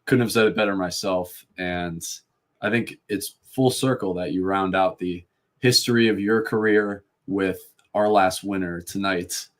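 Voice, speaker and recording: A man's voice: low-pitched, steady tone, a little slow. A man from the Boston area co-hosting a live sports show, easygoing and chatty, reading out viewer donations. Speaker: co-host. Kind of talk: casual live show chat.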